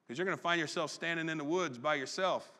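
A man preaching a sermon as pastor, folksy and conversational with quick asides. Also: fairly high pitch, bright, forceful tone. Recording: long reverb in a large hall.

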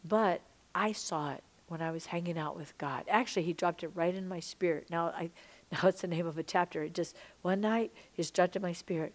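A middle-aged woman teaching a sermon-style podcast, impassioned, dropping to hushed whispers and rising to loud emphasis. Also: fairly low pitch, a little fast. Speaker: Christian teacher and minister.

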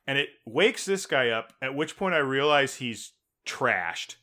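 A man co-hosting a podcast, chatting casually and acting out scenes loudly as he tells stories. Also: medium pitch, measured pace, slight background noise. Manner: animated storyteller, loud when acting out scenes. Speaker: podcast co-host. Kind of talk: casual chat.

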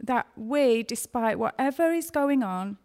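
A woman giving a gentle, emotional devotional talk, speaking tenderly about faith. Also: a little high, lively intonation, a little slow. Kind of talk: devotional sermon.

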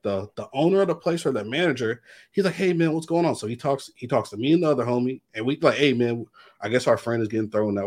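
Young dude podcast cohost rambling thru a story, slangy, tons of likes and whatevers. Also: male voice, medium pitch. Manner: rambling storyteller acting out quotes, heavy slang, many fillers. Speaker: podcast co-host. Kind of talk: casual storytelling chat.

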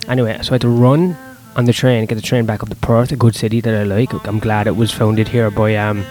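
A man's voice: lowish voice, flat delivery, quick pace, a little mellow. Profane, rambling comedian man. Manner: profane, self-deprecating, rambling. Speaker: stand-up comedian. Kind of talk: casual vlog monologue.

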